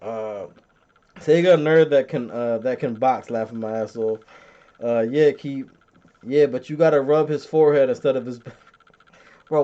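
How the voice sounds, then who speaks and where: This podcast host, a man in his thirties, has a mellow, medium-pitched voice. He chats casually, reading chat comments and telling stories with plenty of jokes, swearing, and laughter, over a dull lo-fi recording.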